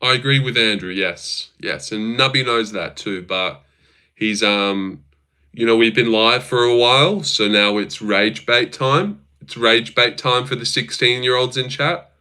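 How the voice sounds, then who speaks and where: A young man hosts a casual livestream, talking straight to his chat. His voice is bright and forward, and his banter is crude, mocking and full of swearing. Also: mid-range voice, measured pace, clean tone. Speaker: livestream host.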